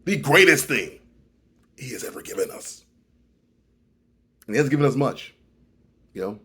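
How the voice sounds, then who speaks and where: Male vlogger, comedic storyteller; lively pitch, exaggerated delivery. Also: moderate pace, husky. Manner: animated, exaggerated swings between loud and muttered.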